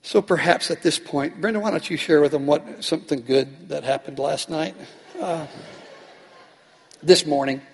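A man's voice: fairly high pitch, normal speed, creaky, breathy edge. A man preaching as pastor, telling a story animatedly and acting out the people in it. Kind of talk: sermon storytelling. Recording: long hall reverb.

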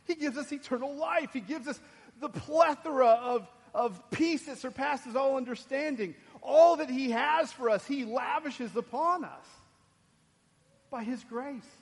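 A man preaching a sermon, dropping soft and low and then rising loud and emphatic. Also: a little slow. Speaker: pastor. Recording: long hall reverb.

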